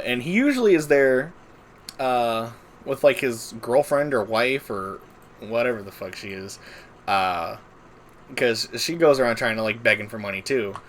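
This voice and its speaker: A man's voice: medium pitch, slight background noise. Rambling, profane male streamer. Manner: rambling, filler-heavy, profane. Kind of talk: casual storytelling while gaming.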